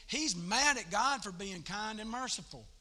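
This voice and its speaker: A man preaching a sermon at a church service, telling the story in a folksy, animated way. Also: high voice, normal speed. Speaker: pastor.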